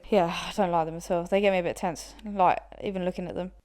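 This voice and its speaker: A woman's voice: on the low side, fairly even intonation, quick pace, a little mellow. A young woman in her twenties co-hosting a podcast, chatting casually and laughing often, with plenty of swearing. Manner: laughs a lot, swears freely. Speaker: podcast co-host. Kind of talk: casual chat.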